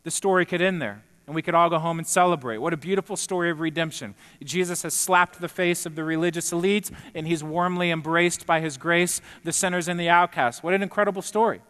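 A man's voice: a little high, brisk, few pauses, a bit bright, smooth. Man, pastor, sermon, earnest, emphatic, reverberant church hall. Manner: earnest, building to emphatic peaks.

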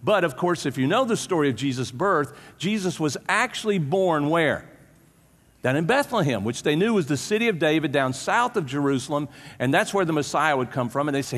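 A man preaching a casual, conversational sermon, retelling the story in an animated way and often restarting his sentences. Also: fairly high pitch, fairly quick. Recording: long hall reverb.

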